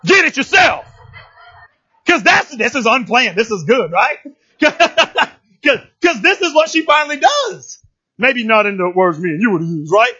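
Male pastor, lively sermon, high bright husky voice, dull lo-fi recording. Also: measured pace. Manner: animated and playful, acts out characters, rises to shouts.

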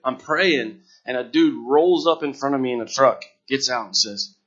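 Casting: husky man, earnest and halting, giving a heartfelt testimony on a dull lo-fi recording. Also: mid-range voice, a bit bright. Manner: earnest, halting, repeats words when moved. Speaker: missionary sharing his testimony. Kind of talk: emotional personal testimony to a gathering. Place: room before a gathered audience.

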